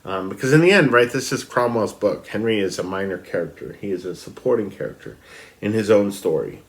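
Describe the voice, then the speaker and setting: A man's voice: lowish voice, lively intonation, brisk. A man talking casually about a novel he is reading, reading passages aloud, with many ums and restarts. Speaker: book reviewer. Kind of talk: casual book discussion with read-aloud passages.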